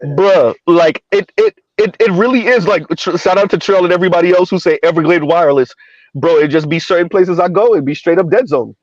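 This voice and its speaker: A fairly high-voiced man hosts a live stream, talking loosely and circling back over his own points. The sound is dull and lo-fi, very dry and close, with no room around him. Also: dry recording. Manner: rambling, repeats himself, quick asides. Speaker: streamer host. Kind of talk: casual chat on a live stream.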